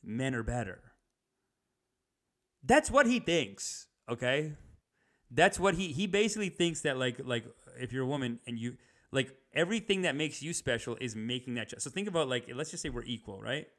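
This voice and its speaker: A young man riffing in a comedic rant, animated, slipping into higher mocking impressions. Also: a little fast.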